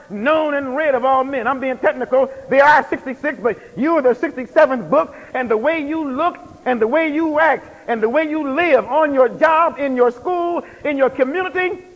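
Guy preaching hard in a big echoey hall, repeats his lines, real high voice. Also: a bit bright. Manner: emphatic rhythmic preaching with repeated phrases. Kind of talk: sermon. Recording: long hall reverb.

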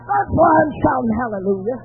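A man preaches with fervor, acting out a story between rising cries of praise. His voice sits very high. The sound is thin and phone-like, with faint music behind him. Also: very animated, a little fast. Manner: fervent, storytelling, exclaiming hallelujahs. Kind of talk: sermon. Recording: tinny lo-fi line with faint music.

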